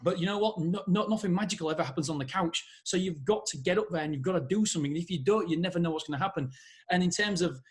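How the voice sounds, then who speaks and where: A man with a high, bright-pitched voice who talks quickly and eagerly as a podcast host. His delivery is motivational and conversational. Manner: enthusiastic, motivational. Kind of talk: casual interview chat.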